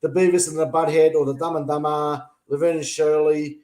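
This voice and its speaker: A man's voice: fairly high pitch, level tone, fairly quick, darkish tone. An Australian man co-hosting a casual sports chat show, joking and needling his mates. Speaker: co-host. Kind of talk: casual banter.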